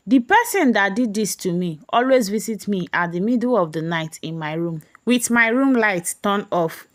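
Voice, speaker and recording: A woman's voice: medium pitch, close to an everyday voice. Tearful young maid, pleading and shaken, read by a woman. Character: weeping frightened young house girl.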